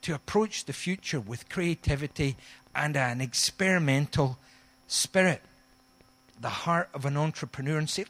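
A man's voice: fairly high pitch, moderate pace. A man with a Scottish accent preaching a sermon, telling stories and acting out the people in them. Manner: animated storytelling, acts out quoted voices. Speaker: pastor.

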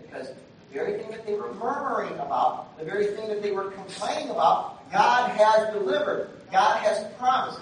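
A man preaching a sermon in a conversational way that swings between quiet asides and loud, emphatic bursts, recorded from far off in a very echoey church hall with faint noise. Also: high voice. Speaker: pastor.

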